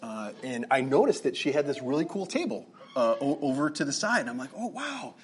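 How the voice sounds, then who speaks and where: A man's voice: medium pitch, animated, fairly quick. A middle-aged man, a pastor telling a personal story in a conversational sermon, full of fillers and restarts. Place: church meeting room.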